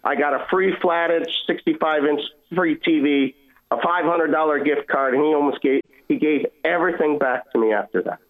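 A man's voice: fairly high pitch, normal speed. A man earnestly telling a personal faith story as a caller, heard over a phone line. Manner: earnest, emotional retelling with quoted dialogue. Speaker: caller sharing testimony. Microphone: phone call.

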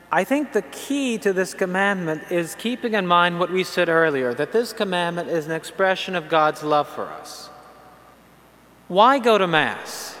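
A man preaching to an audience, telling a funny story in a lively way and then turning to earnest teaching. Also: sits high. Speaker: Catholic preacher. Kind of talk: humorous sermon to an audience. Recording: long hall reverb.

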